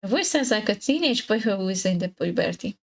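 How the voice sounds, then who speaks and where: A young adult woman, a native Hungarian speaker, chatting casually on a live stream, giggly and hesitant with many fillers and restarts, her voice slightly husky. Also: medium pitch, animated, a little fast, low-quality recording.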